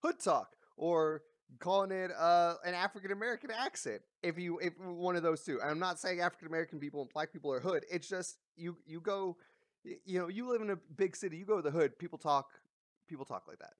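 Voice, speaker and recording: A man vents in a casual commentary, blunt and mocking with plenty of swearing. His voice sits a little high, and it is recorded dry and close with no room sound. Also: fairly quick, no echo. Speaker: commentary vlogger. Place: lives in a big coastal city.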